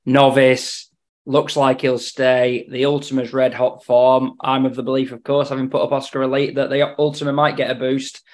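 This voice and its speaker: A man's voice: medium pitch, little pitch movement, moderate pace. A man giving racing tips in casual podcast chat, dry in his humour and often repeating words as he thinks aloud. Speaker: racing tipster on betting podcast.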